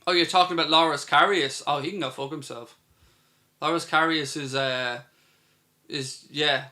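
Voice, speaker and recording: An Irish man hosts a live football watchalong in a casual, chatty way. His voice sits a little high and sounds bright and forward. He reads out viewer questions and answers them as he goes. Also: fairly even intonation, moderate pace. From Ireland. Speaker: host.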